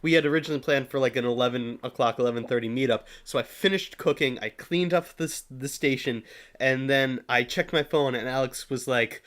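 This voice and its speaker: A man's voice: mid-range voice, brisk, a bit bright. A young adult man co-hosting a podcast, chatting casually in a teasing way and laughing often. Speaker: podcast co-host. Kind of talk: casual chat.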